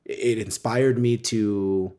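Male guest, lowish voice, loose rambling storyteller, animated. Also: slow pace. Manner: rambling, animated storytelling with frequent tag questions. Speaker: podcast guest, real estate wholesaler. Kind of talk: casual interview chat.

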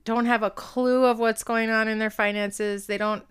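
A woman's voice: on the high side, flat delivery, moderate pace, clean tone. A woman co-hosting a podcast, telling stories in casual chat with lots of fillers. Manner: chatty storyteller, lots of fillers. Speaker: podcast co-host.

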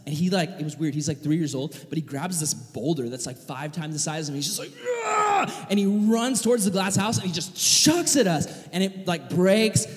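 Young male pastor, animated storyteller, high and expressive, big hall reverb. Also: fairly quick, hardly any pauses. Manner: animated storyteller, acts out voices, yells in bursts. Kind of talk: sermon with personal story. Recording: long reverb of a large hall.

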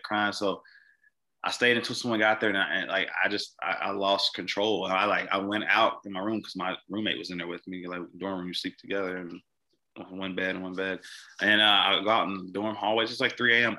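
A young man from Mississippi, a podcast guest telling a personal story in a halting way, often repeating words and restarting. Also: deep voice, bright, forceful tone.

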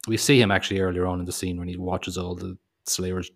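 Low gravelly guy, wry casual movie chat, swears now and then. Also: flat delivery, quick pace. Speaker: podcast co-host.

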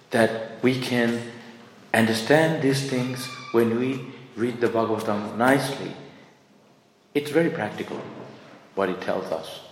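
A middle-aged man giving an informal scripture class, rambling and conversational, with many fillers and restarts. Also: medium pitch. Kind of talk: informal sermon, storytelling. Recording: echoey hall, long reverb, faint hiss.

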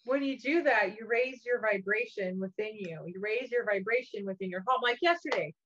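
A mother telling lively stories in a casual spiritual chat, with lots of fillers and casual swearing. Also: mid-range voice, moderate pace, slight background noise. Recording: dull lo-fi sound.

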